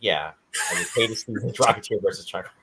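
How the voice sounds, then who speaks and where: A man's voice: lowish voice, fast talker, bright, forceful tone, breathy edge. A man co-hosting a casual movie podcast, joking and fond of puns. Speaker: podcast co-host.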